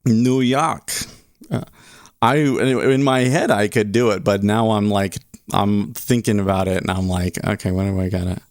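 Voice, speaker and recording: A man with a lowish voice hosts a casual livestream, rambling along and interrupting himself at a moderate pace in a steady tone. The recording is dry and studio quality.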